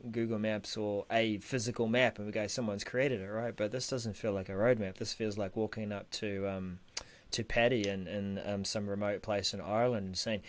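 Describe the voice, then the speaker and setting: A man's voice: lowish voice, flat delivery, moderate pace. A man co-hosting a tech podcast, chatty and joking in casual talk. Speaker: podcast co-host.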